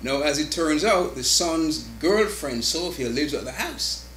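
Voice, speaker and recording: A man's voice: a little high, lively intonation, a little slow, fairly bright tone, a little hiss or hum. Jamaican man, studio guest. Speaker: co-writer guest. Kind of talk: interview chat. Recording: echoey studio.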